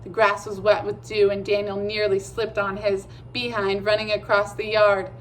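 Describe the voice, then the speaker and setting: Woman narrator for a chapter book, steady and measured, mid pitch. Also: slight background noise, poor audio. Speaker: audiobook reader. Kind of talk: storybook narration.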